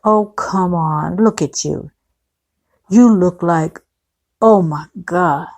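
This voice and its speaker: A tired, guarded woman slowly being charmed at dinner, read out by a woman in her own slow, creaky voice. Her lines are delivered plainly, with almost no acting. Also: on the low side, darkish tone. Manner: plain read-out dialogue, barely acted.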